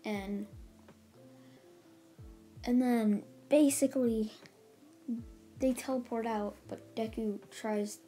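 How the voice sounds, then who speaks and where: A woman's voice: fairly high pitch, steady tone, takes it slowly, pauses often, dark tone. A woman casually retelling a story as a channel host, stringing events together with "and then he's like.". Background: faint background music.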